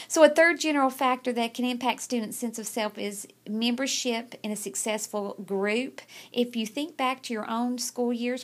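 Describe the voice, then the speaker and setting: Middle-aged female teacher, video lecture, chatty, mid-height voice, loose delivery with fillers. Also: mid-range voice. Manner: conversational, with many fillers and restarts. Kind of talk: recorded video lecture with personal story.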